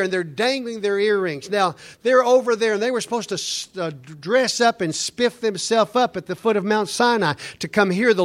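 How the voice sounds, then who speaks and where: A high-pitched male preacher delivers a storytelling sermon that is dramatic and repetitive, dropping to almost a whisper when he quotes scripture.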